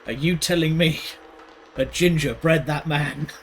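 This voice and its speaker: A man's voice: on the high side, slight background noise. A man giving casual let's-play commentary, joking and sarcastic, swearing freely. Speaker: gaming video host.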